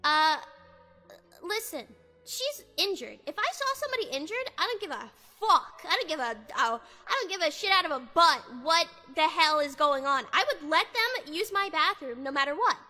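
High, bright-voiced woman ranting. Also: very animated, normal speed, faint music behind. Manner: profane, heated ranting. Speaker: VTuber streamer. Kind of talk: casual stream chat.

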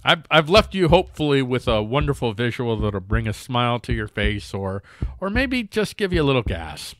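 A man's voice: medium pitch, very animated, moderate pace, no room sound, clean studio sound. A man hosting a news commentary show, rambling and jokey with many restarts. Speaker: host.

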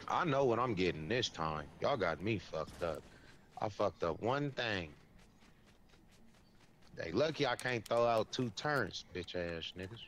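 A man's voice: lowish voice, lively intonation, a little slow, a bit bright, a little hiss or hum. A man in casual gaming chat, brash and profane, trash-talking while he plays.

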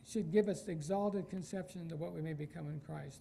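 Male pastor from Iowa, relaxed warm sermon delivery, quizzes the pews. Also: a little high, normal speed, creaky, poor audio. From Iowa, United States. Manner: emphatic, asks the congregation rhetorical questions.

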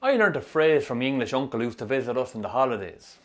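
An actor narrating a film as a troubled young Irish man with a Sligo accent, telling his rough youth in a dry, sardonic way. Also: mid-range voice, big pitch swings, fast, fairly bright tone. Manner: dry, sardonic storytelling with strong swearing. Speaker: narrator, the film's lead. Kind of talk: scripted film voice-over.

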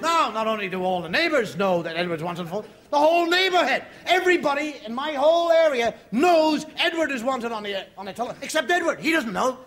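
Animated man telling a stand-up story. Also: quick pace, hardly any pauses, a faint crowd. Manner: animated storyteller, swings from low asides to bellowing. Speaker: comedian. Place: television studio with live audience. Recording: loud audience laughter, noisy broadcast.

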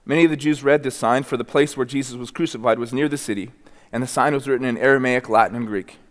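A pastor preaches a sermon in a church sanctuary, reading scripture and then speaking earnestly, frequently repeating and restarting words. His mid-range voice moves fast and echoes as if in a large hall.

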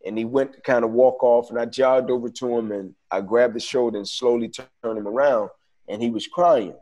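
An interview guest telling his own story, a man with a mellow, darker-toned voice. He speaks in an earnest, reflective way, loose and conversational. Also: mid-range voice, fairly even intonation, moderate pace.

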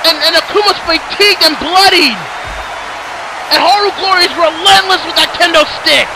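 A man calls a wrestling match in a very high, gravelly voice, yelling out every big move with excitable swearing. The recording carries clear background noise. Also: moderate pace. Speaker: wrestling commentator. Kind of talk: excited play-by-play commentary.

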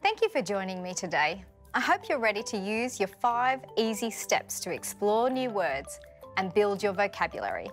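A woman's voice: mid-range voice, very animated, moderate pace, over music. Patient Australian woman teaching vocabulary. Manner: clear, patient, asks learners questions. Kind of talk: scripted vocabulary lesson.

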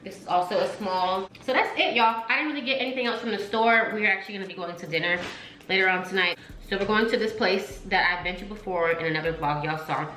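A woman's voice: medium pitch, quick pace, bright, forceful tone, a little hiss or hum. A young woman vlogging casually to camera, chatty and slangy, calling out to her viewers often. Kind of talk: casual vlog chat to camera. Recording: echoey room.

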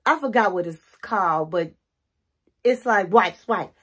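A middle-aged woman talks casually to camera, earnestly coaching viewers through a numbered list of relationship tips. Her mid-range voice is fairly bright and slightly rough, with lively intonation and an unhurried pace.

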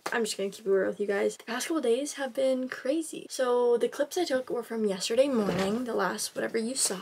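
Creaky-voiced young woman vlogging candidly. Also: fairly high pitch, slight background noise. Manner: candid, chatty, often trailing into a soft near-whisper. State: low and out of breath. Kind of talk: casual vlog talk to camera.

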